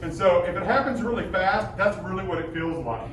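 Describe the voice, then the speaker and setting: A man with a bass-baritone voice teaching a middle school choir class, animated and demonstrative, often checking that the students follow. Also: a little fast, a little hiss or hum. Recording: echoey room, voice from far off.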